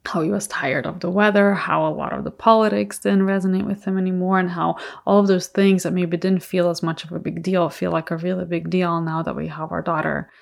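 Creaky-voiced woman telling a heartfelt story. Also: on the low side, fairly even intonation, brisk, few pauses. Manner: earnest, reflective, soft-spoken storytelling. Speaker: podcast host. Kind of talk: personal storytelling podcast.

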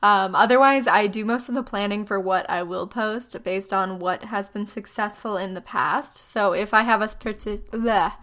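Her medium-pitched voice a bit bright, a tired twenty-something woman shares blogging advice in loose vlog fashion, yawning at times. She chats away self-deprecatingly, sprinkling in fillers and quick asides.

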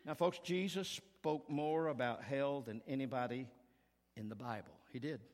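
A man preaching a sermon as pastor, earnest and emphatic, rising to strong peaks and falling to hushed tones. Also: mid-range voice, normal speed. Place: church sanctuary. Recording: long reverb of a large hall.

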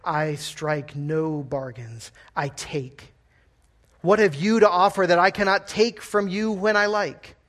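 A man voicing an ancient, huge male dragon with a dry, slow, scornful delivery while reading a story aloud in a sermon. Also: high voice, lively intonation, voice pushed up, heavily acted.

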